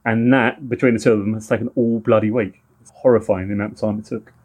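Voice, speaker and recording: A man's voice: fairly low pitch, steady tone, fast talker, a little mellow, breathy edge. A middle-aged man with a London accent, co-hosting a podcast in casual, joking banter. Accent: London English. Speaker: podcast co-host. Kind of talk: casual chat.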